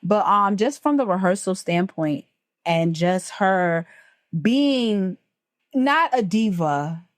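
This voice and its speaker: A woman's voice: mid-range voice, lively intonation, slow pace, no echo, studio quality. A woman talking emphatically and emotionally as a podcast co-host, full of profanity. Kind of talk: casual chat.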